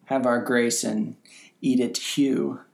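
A man's voice: medium pitch, takes it slowly, creaky. A man co-hosting a podcast that reviews a TV series, talking casually and acting out the scenes as he retells them. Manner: animated, acts out scenes from the show. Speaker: podcast co-host.

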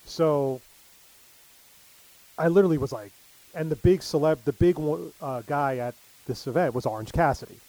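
A man's voice: a little high, moderate pace, pauses often, mellow, dry recording, poor audio. A middle-aged man telling stories in casual chat, full of fillers. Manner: rambling storyteller, many fillers.

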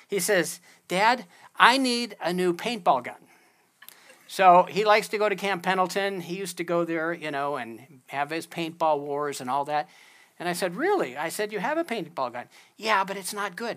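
A middle-aged man, a pastor, preaching a sermon and telling a family story with lively quoted voices. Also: on the high side. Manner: storytelling, animated when quoting others.

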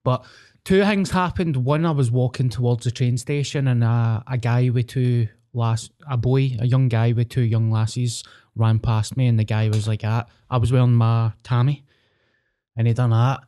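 A man's voice: medium pitch, fairly even intonation, moderate pace, dark tone. A young man with a Glasgow accent, co-hosting a podcast, telling sweary stories with self-mocking humour. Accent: Scottish, Glasgow. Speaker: podcast co-host. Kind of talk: casual chat.

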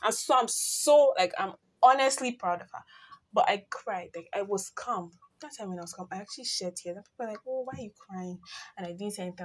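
A teenage girl with a Nigerian accent, talking to listeners in a casual personal podcast, chatty and earnest, with loud bursts and soft asides. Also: mid-range voice, expressive, fairly quick. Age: teens.

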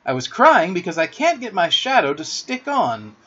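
A man reading aloud and voicing a cocky, boastful young boy hero with a proud, sharp-tongued manner, on a muffled lo-fi recording. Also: high voice, sing-song, moderate pace, slightly rough, pitched above the performer's own voice, full character voice. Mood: cocky boyish.

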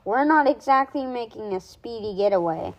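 A woman's voice: on the high side, lively intonation, normal speed, lo-fi sound, close to an everyday voice. A woman reading aloud and voicing an earnest, anxious young girl in a storybook. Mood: wry.

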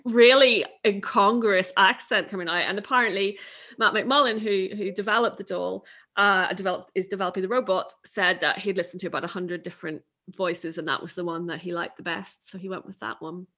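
A woman's voice: medium pitch, steady tone, fairly quick, bright, forceful tone. A woman author being interviewed, chatting casually and laughing often. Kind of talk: casual conversation.

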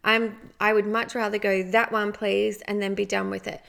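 A woman's voice: mid-range voice, flat delivery, fairly quick, creaky, a bit bright. A woman, hosting a casual motivational podcast and talking in a chatty way, often adding "like" and "right?". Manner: chatty, frequent "like" and "right?" asides. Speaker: podcast host.

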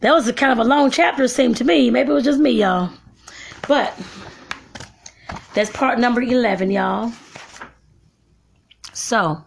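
A woman with a drawl reads a self-help text aloud at a slow, deliberate pace, as a podcast host. Between passages she drops into folksy, chatty asides to her listeners. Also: on the high side, creaky, a little hiss or hum.

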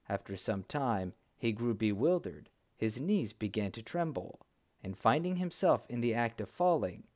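A man narrating a fairy tale in a slow, deliberate reading style. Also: lowish voice, a little mellow. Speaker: storyteller. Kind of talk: storybook narration.

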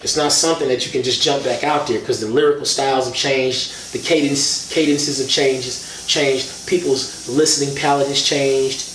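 A hip-hop artist, appearing as a guest in a casual interview conversation, tells lively, animated stories packed with slang. His voice is of ordinary pitch and moderate pace with hardly any pauses, captured from a distance in an echoey room over faint background noise.

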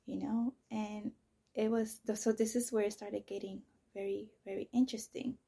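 Soft-spoken woman with a gravelly husky voice. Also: mid-range voice, flat delivery, normal speed. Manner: soft-spoken, often near a whisper, blunt and profane. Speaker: podcaster telling her own story. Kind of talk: candid personal monologue.

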